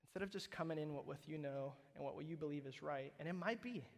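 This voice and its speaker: Emphatic pastor preaching in a reverberant hall. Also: male voice, on the high side, fast talker, gravelly. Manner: conversational and emphatic, with frequent "like" and "right?". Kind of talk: sermon.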